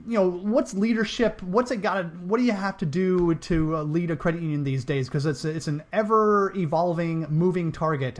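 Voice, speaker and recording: A man hosting a talk show, introducing and questioning his guest in a friendly, rambling way. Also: sits high. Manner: friendly, rambling, with fillers and laughs. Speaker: show host. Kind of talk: casual interview talk.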